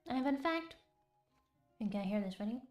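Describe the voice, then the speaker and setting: A woman streamer speaking softly in a whispered role-play, chatting to her viewers with giggles between words. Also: fairly high pitch, animated, moderate pace. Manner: soft whispered chat, giggly, chats with viewers. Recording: roomy with faint music.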